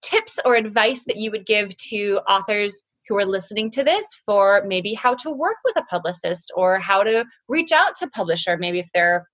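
A woman hosting a podcast interview, friendly and animated, laughing along with her guest. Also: mid-range voice, normal speed, few pauses, muffled recording. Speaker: podcast host. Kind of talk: casual interview chat.

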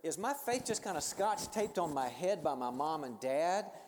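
A man's voice: lowish voice, quick pace, a little mellow, a little hiss or hum, lightly acted. A man voicing a troubled young woman, a college senior who confides her worries in a plain retelling. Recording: long hall reverb.

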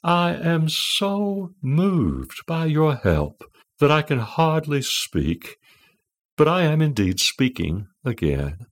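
A man voicing a sweet, grateful female computer with an English accent, speaking slowly and effusively. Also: on the high side, wildly swooping pitch, pitched above the performer's own voice, full character voice. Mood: gushing gratitude. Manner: slow, effusive and overly grateful.

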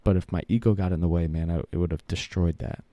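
Deep gravelly earnest man. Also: fairly even intonation, quick pace, warm tone, dry recording. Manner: rambling, earnest, full of fillers and restarts. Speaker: vlogger telling a personal story. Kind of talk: casual heartfelt storytelling.

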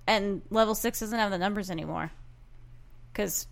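A woman's voice: medium pitch, moderate pace, creaky. A woman co-hosting a podcast, explaining her reasoning in casual chat about a reality show. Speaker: podcast co-host.

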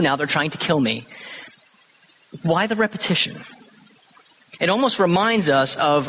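Male pastor, thirties, lively bright preaching voice, slightly husky, long hall reverb. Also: a little high. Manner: animated teaching, acting out quoted lines. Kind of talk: sermon.

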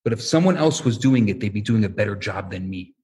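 A man giving a storytelling lecture as a rabbi, animated and conversational, acting out the voices in his stories. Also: on the low side, quick pace. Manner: animated, acts out quoted voices; self-interrupting, conversational.

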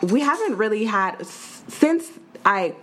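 Measured young woman telling a story. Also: mid-range voice, big pitch swings. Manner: measured storytelling with many pauses and ums. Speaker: podcast co-host. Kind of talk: casual chat, storytelling.

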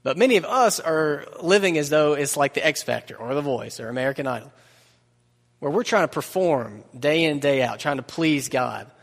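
A man preaching a sermon in a relaxed, conversational way, mixing humor and asides into the message. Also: a little high, normal speed, gravelly. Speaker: pastor. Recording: long reverb of a large hall.

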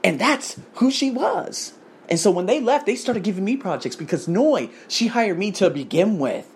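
A man's voice: high voice, big pitch swings, moderate pace, breathy edge. An American man hosting a podcast, telling a story in a crude, emphatic, ranting way. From United States. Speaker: podcast host. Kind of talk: casual storytelling.

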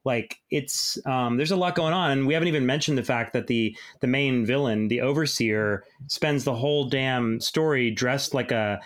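Male podcast co-host, mid-pitched voice, casual and wry, relaxed delivery. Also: normal speed, hardly any pauses. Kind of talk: casual chat.

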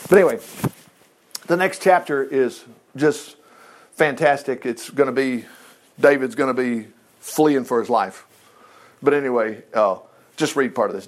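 A man teaching from the Bible in an informal, animated way, full of chatty asides and chuckles. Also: medium pitch, moderate pace.

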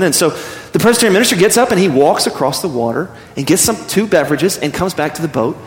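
A man preaching a sermon as pastor, earnest and animated, often restarting his phrases. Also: a little high, racing, echoey room, in a large hall.

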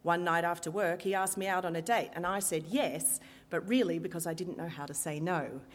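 A woman stage performer tells a story live, lively and wry, leaning on dramatic pauses. Her voice sits on the low side, with a long hall reverb around it.

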